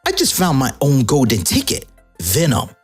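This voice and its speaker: A woman's voice: rumbling low, wildly swooping pitch, moderate pace, breathy edge, faint music behind, exaggerated voice. Woman doing a cocky alien brawler. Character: brash alien bounty hunter, male, cocky.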